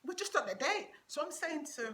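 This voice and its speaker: Animated woman telling a story to her camera, high bright voice, laughs a lot. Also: fairly quick. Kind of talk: casual storytelling vlog.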